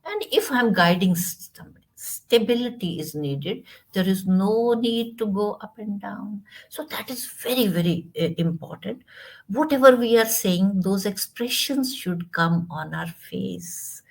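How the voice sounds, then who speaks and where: A woman with an Indian English accent, coaching a student in spoken English in a measured, instructive way with quiet asides. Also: medium pitch, expressive, creaky. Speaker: English teacher.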